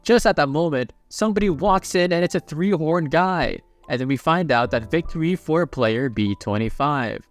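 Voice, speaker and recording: A man recaps a story in a casual, chatty voice that sits a little high. He drops playful asides as he goes, with faint music playing underneath. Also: normal speed, few pauses.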